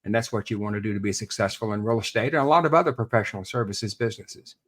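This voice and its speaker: A man's voice: on the low side, fast, a bit bright. A man, a real estate expert guest on a podcast interview, explaining earnestly and repeating words as he thinks.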